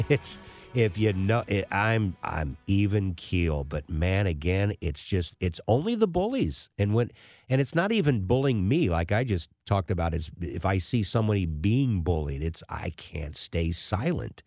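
A male radio host with a lowish voice talks through a story on air, his pitch rising and falling widely as he acts out the people in it. The sound is dry and close, with no room echo. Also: unhurried, soft background music. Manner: animated storyteller who acts out the people he quotes. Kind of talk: talk radio monologue.

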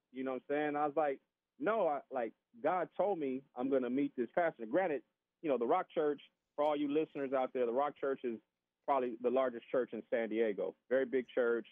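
A man telling a casual, animated story as a podcast guest, acting out the voices of other people and often repeating his words. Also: medium pitch, brisk, no room sound. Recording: tinny phone-line sound.

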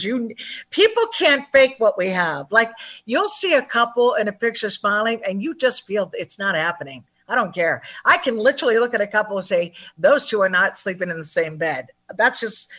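A woman talking as a numerologist guest in an interview, upbeat and chatty, acting out other people's lines in lively voices. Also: on the high side, highs cut off. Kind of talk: phone-in interview, animated and chatty.

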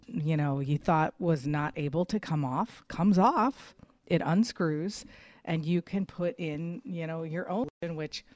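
A woman's voice: deep voice, unhurried, a little mellow, no room sound. A woman co-hosting a radio show, chatting in an upbeat way with plenty of fillers. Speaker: radio co-host. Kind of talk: casual on-air chat. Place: radio studio.

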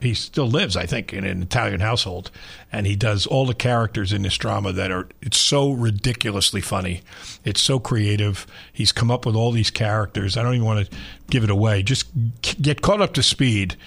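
An older sports radio host tells long, rambling stories in a low voice. His tone is gravelly and a bit husky, and he keeps jumping from one thought to the next. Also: brisk. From Long Island, New York. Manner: rambling, animated storyteller. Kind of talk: casual sports radio chat.

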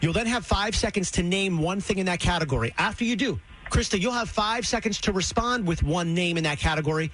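A man's voice: sits high, fairly quick, fairly bright tone, a little hiss or hum. A man hosting a morning radio show, chatty and upbeat, laughing often from a studio microphone.

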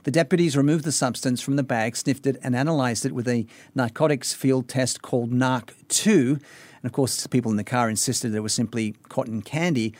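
A radio host from Australia talks through a news story in a relaxed, conversational way. His voice sits in a middle range. The sound is close and dry, from a studio mic. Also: medium pitch, brisk, dry recording. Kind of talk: casual radio chat.

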